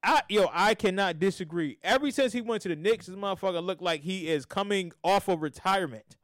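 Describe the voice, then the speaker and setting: A man co-hosting a casual sports podcast, animated and repeating himself as he trash-talks teams. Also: high voice, a little fast, no room sound, studio quality. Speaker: podcast co-host.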